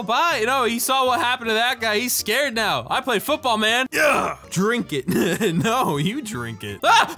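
A man giving goofy, excitable let's-play commentary, yelling and joking at other players. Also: extremely high pitch. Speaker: gaming YouTuber.

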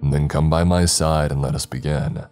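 A man voicing an old male mystic priest who speaks slowly and solemnly in archaic phrasing, for a horror story. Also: very deep voice, fairly even intonation, a little mellow, soft background music. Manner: slow, solemn, archaic speech.

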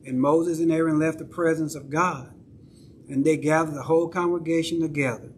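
Preaching in a church sanctuary, this male pastor talks with a Southern accent at a brisk clip, his fairly high voice keeping fairly even intonation. He checks in with the congregation conversationally, and a faint hiss or hum is audible.

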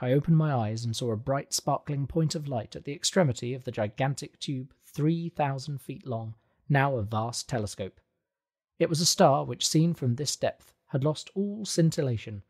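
A man narrating a classic adventure novel in a calm, steady storytelling manner. His voice is middle in pitch with a husky, slightly breathy texture. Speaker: audiobook reader. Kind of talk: scripted narration.

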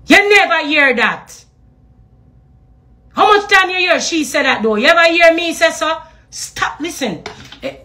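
Jamaican woman, high voice, heated live-stream rant, patois and cursing. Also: pushed and bright. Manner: ranting, repeated rhetorical questions; patois slang and profanity. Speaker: social media personality.

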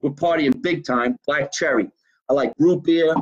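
An animated podcast host, talking in a slightly higher voice than most men. He chats casually and swears freely as he chats from a basement. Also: normal speed, slightly rough, dull audio. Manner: animated, profane, plugging a local deli. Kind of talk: casual live-stream chat.

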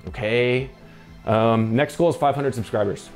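Soft background music plays as a young man, a film photography vlogger, reviews a film stock in a casual ramble. His medium-pitched voice is unhurried, yet he keeps breaking off mid-thought and says too much coffee has him jittery.

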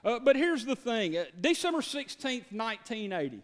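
A man's voice: very high-pitched, very animated, normal speed. A man, preaching a sermon as pastor in a folksy, joking way, often stammering and repeating words. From Georgia, USA. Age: 30s.

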